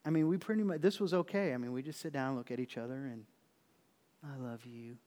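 A man preaching a sermon to his church in an earnest, conversational way, sometimes dropping to a hush. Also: fairly high pitch, animated, quick pace, in a large hall. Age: adult. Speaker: pastor.

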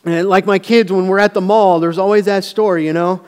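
A middle-aged male pastor preaching in a casual, storytelling way, his fairly high voice carrying a long church reverb. He rambles into anecdotes and restarts his sentences often. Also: steady tone, normal speed, a little mellow, clear, resonant tone. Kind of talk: sermon. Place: church sanctuary.

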